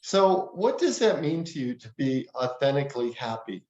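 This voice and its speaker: A man's voice: mid-range voice, very animated, moderate pace, darkish tone. A man interviewing a guest, asking questions hesitantly and repeating words as he starts. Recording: roomy, dull lo-fi sound.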